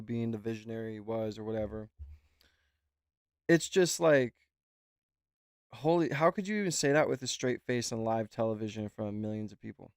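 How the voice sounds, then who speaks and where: A man's voice: medium pitch, darkish tone, smooth, no echo, clean studio sound. Rambling, foul-mouthed male streamer. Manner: rambling, swears freely. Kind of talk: casual reaction chat.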